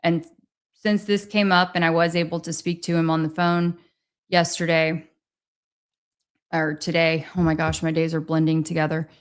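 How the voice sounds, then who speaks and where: A woman's voice: deep voice, flat delivery, normal speed, pauses often. A woman hosting a casual livestream, chatting with viewers and thanking them for their messages. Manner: chatty, reads and thanks viewers' super chats. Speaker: livestream host.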